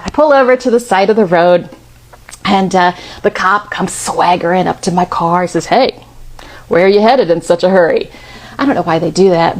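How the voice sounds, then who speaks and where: Expressive woman telling a story. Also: mid-range voice. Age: about 50. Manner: conversational and expressive. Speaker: speaker. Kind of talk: storytelling talk.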